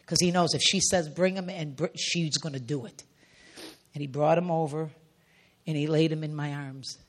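A woman's voice: sits low, fairly even intonation, moderate pace. A middle-aged woman preacher giving an emotional sermon testimony, intense and often sinking to near whispers.

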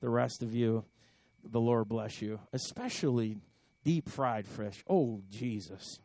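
A man's voice: medium pitch, slow pace, mellow, dry recording. A man preaching a sermon in a conversational storytelling way, often repeating words and swelling into emphatic bursts. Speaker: pastor.

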